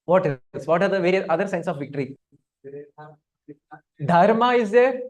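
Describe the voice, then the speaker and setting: A man's voice: high voice, lively intonation, moderate pace. A man leading a scripture study class. He talks interactively, asks his listeners questions and often hums between points. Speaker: spiritual teacher.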